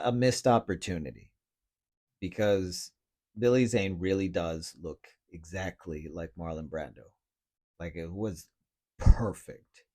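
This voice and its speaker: A man hosting his own podcast in a casual solo rant, griping with lots of swearing and bursts of laughter. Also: on the low side. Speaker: podcast host.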